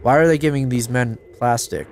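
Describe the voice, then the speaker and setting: A man giving casual let's-play commentary, excitable, talking to himself and swearing, with sudden yelps of surprise. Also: mid-range voice, a little fast, a little hiss or hum. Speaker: gameplay commentator.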